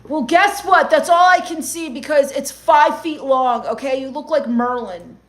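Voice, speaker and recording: A woman with a high voice reads chat messages on a comedy livestream. She answers them with sarcastic, gloomy, mock-goth rants. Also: measured pace, fairly bright tone.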